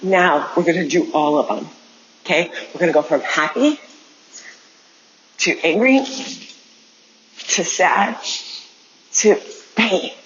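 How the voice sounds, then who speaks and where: A woman's voice: fairly low pitch, takes it slowly, long pauses, dull audio, a little hiss or hum. A woman teaching an online dance class, coaching movement step by step and counting out the beats. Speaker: dance instructor.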